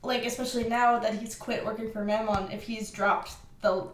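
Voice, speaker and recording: Higher-voiced woman musing in an echoey room. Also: fairly even intonation, normal speed. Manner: musing, thinks aloud with fillers. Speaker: podcast co-host. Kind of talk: casual fan podcast chat.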